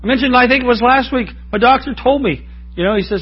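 Husky high-voiced man preaching. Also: fast talker, dull audio. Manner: folksy, joking, asks the crowd for amens. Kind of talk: sermon.

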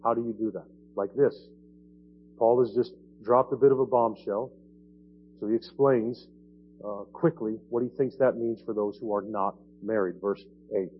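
A man's voice: on the low side, steady tone, normal speed, slight background noise. Man preaching in a dull lo-fi recording. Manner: conversational preaching, often asks "right?". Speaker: pastor. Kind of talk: sermon. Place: church sanctuary.

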